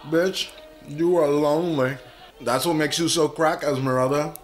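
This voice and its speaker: A foul-mouthed man reacts to a movie as he watches, blurting out excitable comments in a voice set a little high for a man. A faint film soundtrack plays behind him. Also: a little slow, faint music behind. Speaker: reaction video host.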